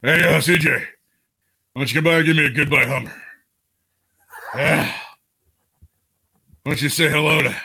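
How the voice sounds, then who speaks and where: A man doing a lecherous older male boss. His delivery is sleazy and leering. The voice is bright and sits slightly high. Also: moderate pace, gravelly, pauses often, slightly rough, full character voice.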